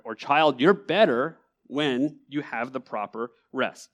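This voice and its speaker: A man's voice: a little high, a bit bright. A young man preaching a conversational sermon in a church, acting out the people he quotes. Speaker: pastor. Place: church sanctuary.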